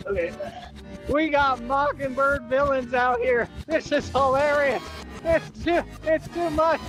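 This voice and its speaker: A man's voice: extremely high pitch, measured pace, over music, rough recording. A man calling himself a real-life superhero, laughing hard, boasting and taunting in streetwise slang. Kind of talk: livestream rant.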